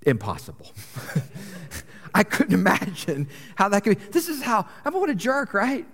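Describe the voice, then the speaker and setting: Young pastor guy, high voice, chatty and self-mocking, big echoey church hall. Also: sing-song, normal speed, a bit bright. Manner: joking, self-deprecating, chatty. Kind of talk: conversational sermon. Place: church sanctuary. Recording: long reverb of a large church hall.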